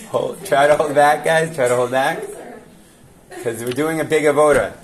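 A man's voice: on the high side, moderate pace, pauses often. A man teaching a classroom Torah lesson, guiding his listeners emphatically and checking in with them as he goes. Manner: animated and emphatic, coaxing a group along with frequent "okay?".

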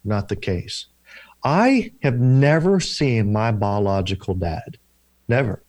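A man's voice: on the low side, lively intonation, takes it slowly, darkish tone, dry recording. A man, a deliverance minister and counselor, telling stories in an interview in an earnest, repetitive preaching cadence. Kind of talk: interview storytelling.

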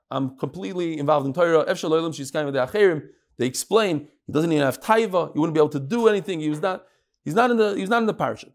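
A man teaching a Talmud class, reading the text aloud and translating it line by line. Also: a little high. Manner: reads Hebrew-Aramaic text then translates in Yeshivish English.

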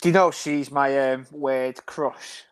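A man's voice: mid-range voice, steady tone, takes it slowly. A man co-hosting a podcast, rambling enthusiastically and giggling through casual chat. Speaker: podcast co-host.

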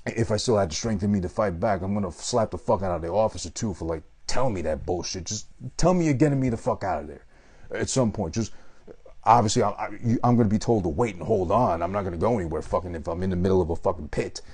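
A man's voice: low-pitched, fast talker, a little mellow, slightly rough. A man giving a rambling, profane, casual monologue about a movie he loves. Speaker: movie reviewer.

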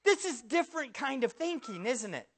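A male pastor preaching a sermon, firing rhetorical questions at the congregation and swinging from loud bursts to hushed words. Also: very high voice, very animated, moderate pace.

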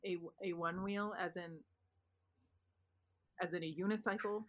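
A woman co-hosting a casual chat, playful and teasing, quick to add a joke. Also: fairly low pitch, steady tone. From San Francisco area. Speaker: podcast co-host.

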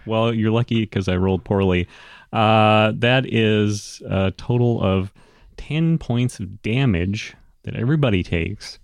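Rambling game master with a low voice. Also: male voice, measured pace, vocal fry, no room sound, clean studio sound. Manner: relaxed and rambling, many ums and restarts. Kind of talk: narrating a tabletop game.

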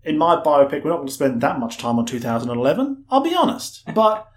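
A man's voice: on the high side, big pitch swings, fairly quick. A man co-hosting a film podcast, talking casually with a rambling, self-correcting and wry manner. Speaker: podcast co-host. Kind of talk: casual film-review chat.

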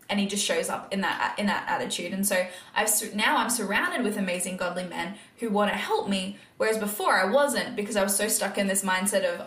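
Young woman, faith podcast host, candid and earnest, medium pitch, echoey room. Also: a little fast, hardly any pauses, fairly bright tone. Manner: earnest, candid, laughs often; acts out her own past thoughts in quoted asides. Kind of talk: faith-based podcast monologue.

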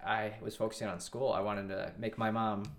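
A fairly low, flat-sounding voice moves briskly as a man in his twenties recounts a long tale in a casual interview. As a guest he rambles, backtracks to restart many times and repeats conversations word for word.

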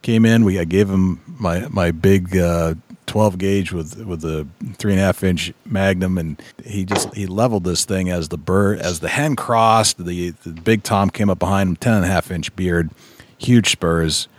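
A man hosting a podcast, speaking in a relaxed, affirming way as he tells a story, sometimes tripping over his words. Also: low voice, unhurried, no echo. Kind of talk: casual conversation.

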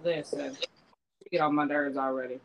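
A man's voice: fairly high pitch, fairly even intonation, normal speed, fairly bright tone, dull audio, a little hiss or hum, pitched above the performer's own voice. A man voicing a fed-up, exasperated woman who is about to go on maternity leave. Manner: exasperated, dismissive.

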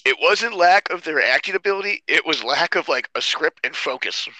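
A man with a very bright, somewhat high voice trades wry, deadpan jokes on a podcast. He trips over his words and restarts a lot. The sound is dry and close. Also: a little fast, no room sound, rough recording. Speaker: podcast co-host. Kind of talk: casual podcast banter.

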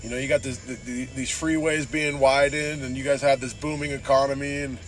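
A man from San Diego rants through a casual podcast while driving, rambling and profane, dropping "dude" into nearly every thought. His voice sits in an ordinary middle register. Soft music plays faintly behind him. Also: mid-range voice, fairly even intonation, fairly quick. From San Diego, Southern California. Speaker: podcast host.

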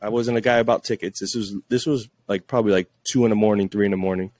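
A man telling stories in a casual podcast chat, jumping into high voices when he quotes people. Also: fast talker, dry recording. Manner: animated, acts out quotes in a high voice. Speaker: podcast guest, police social media officer.

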